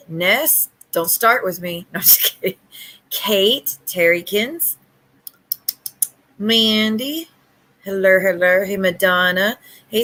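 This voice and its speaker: A woman hosting a casual livestream at home, talking bluntly and sassily with quick retorts to her viewers. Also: mid-range voice, fairly bright tone. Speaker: livestream host.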